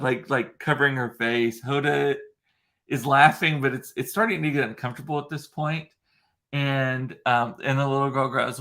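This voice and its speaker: A man's voice: medium pitch, steady tone, moderate pace, a bit bright. A young man vlogging casually, rambling through a funny story with lots of ums and laughing asides. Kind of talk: casual chat to camera.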